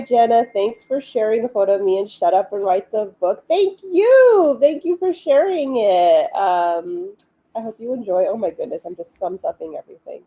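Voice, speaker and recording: A woman's voice: medium pitch, dark tone, muffled recording. A woman hosting a casual livestream, chatting in an upbeat way with frequent ums and asides. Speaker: livestream host and author.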